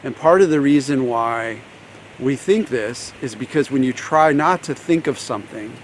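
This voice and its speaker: A man speaking as a recovery coach, guiding breathing and explaining ideas in a calm, unhurried way with playful laughs. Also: medium pitch, slight background noise. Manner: slow, calm, guiding with frequent pauses; laughs easily, playful demonstrations. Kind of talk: coaching talk to camera.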